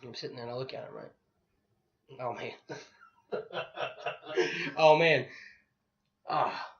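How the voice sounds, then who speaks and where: A man's voice: medium pitch, takes it slowly. A man, animatedly telling a story in casual podcast chat, swearing freely and acting out the other people in it. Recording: dull lo-fi recording.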